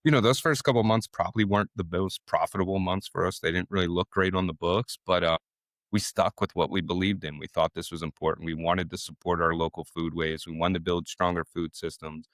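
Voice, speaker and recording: A middle-aged man, a chef, talking casually in an interview, relaxed and chatty, often acting out what other people said. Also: low voice, a little fast, no echo, studio quality. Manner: relaxed, chatty, quotes people in animated voices. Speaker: chef and restaurant owner.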